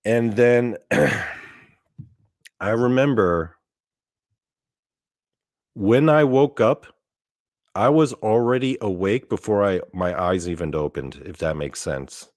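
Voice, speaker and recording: A man tells a story from his own life in a loose, meandering way, swearing freely and circling back through fillers and false starts. His voice sits fairly low, and the recording is close and dry with no room sound at all. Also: expressive, slow, long pauses, no room sound. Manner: rambling, profane, full of fillers and restarts. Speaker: podcast host. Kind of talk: casual first-person storytelling.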